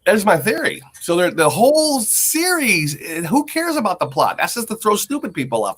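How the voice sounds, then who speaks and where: A man's voice: high-pitched, huge pitch swings, moderate pace, a bit bright, slightly rough. A man co-hosting a podcast in casual chat, rambling and swearing as he spins a mock conspiracy theory. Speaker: podcast co-host.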